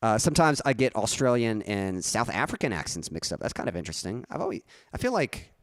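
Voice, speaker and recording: Low-voiced young man chatting on stream. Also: sing-song, fast, dry recording, studio quality. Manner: rambling, self-correcting, chuckling. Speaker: musician streamer. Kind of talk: casual live-stream chat.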